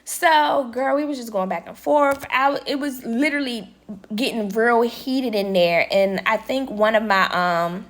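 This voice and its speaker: A young woman vlogger telling a story in casual chat, talking straight to her viewers and quoting people in lively voices. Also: on the high side, moderate pace. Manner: chatty, addresses viewers as y'all, quotes people with lively voices. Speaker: vlogger and nail tech.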